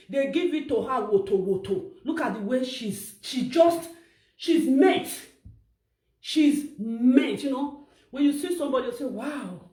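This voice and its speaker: A woman with a Nigerian accent giving animated, mocking gossip commentary in a vlog, now and then breaking into shouts. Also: high voice, roomy sound. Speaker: vlogger commentator.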